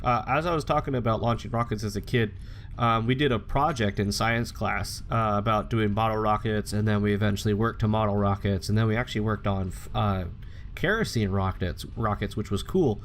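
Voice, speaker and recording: A man's voice: lowish voice, a little fast, slight background noise. Chatty young man rambling over gameplay. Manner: rambling, chatty, swears casually. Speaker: gaming channel host. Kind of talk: casual gameplay commentary.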